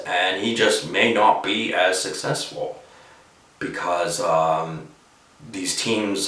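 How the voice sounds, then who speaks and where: A man's voice: low-pitched, fairly bright tone, distant mic. A man giving his hockey opinions in casual, rambling talk, full of fillers. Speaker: hockey commentator. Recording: echoey room, voice off-mic.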